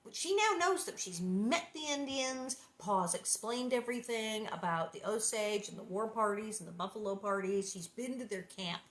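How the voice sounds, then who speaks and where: Wry, animated woman in her sixties reading aloud. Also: medium pitch, moderate pace, few pauses. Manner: animated, wry, laughing asides. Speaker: reader and host. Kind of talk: storybook reading with chatty asides. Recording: roomy echo.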